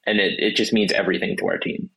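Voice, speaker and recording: A trial attorney speaking as a guest, his low voice a little husky. He talks in an emotional, halting way and stumbles through restarts and fillers. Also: fairly even intonation, bright, forceful tone, poor audio. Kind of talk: casual interview talk.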